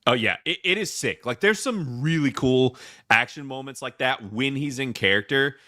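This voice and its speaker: A man with a Southern US accent, hosting a casual movie review chat, animated and rambling with lots of restarts. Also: mid-range voice, normal speed, no room sound, clean studio sound. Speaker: podcast host.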